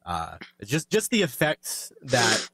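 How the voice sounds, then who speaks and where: A longtime YouTuber, a man, speaking in a reflective, halting way with many fillers and restarts as he gets emotional. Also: medium pitch, wildly swooping pitch, vocal fry, a bit bright, no echo. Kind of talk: reflective personal talk.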